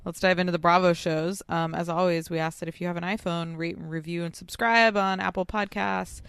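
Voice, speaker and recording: A woman's voice: lowish voice, fairly even intonation, brisk, vocal fry, a bit bright, clean tone, no echo. A woman co-hosting a podcast in casual chat, blunt and sarcastic, swearing freely. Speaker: podcast co-host.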